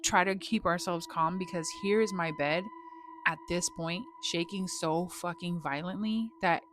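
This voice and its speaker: A woman with a somewhat low voice tells a personal story in loose, slangy talk, swearing freely as she goes. Faint noise sits under her voice. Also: unhurried. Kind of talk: casual spoken storytelling.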